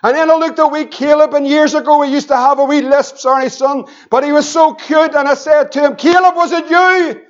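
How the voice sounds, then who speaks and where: High-voiced preacher. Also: male voice, flat delivery, brisk, hardly any pauses. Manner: impassioned preaching with anecdotes and repeated questions. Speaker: pastor. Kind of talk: evangelistic sermon with storytelling. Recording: dull lo-fi church recording.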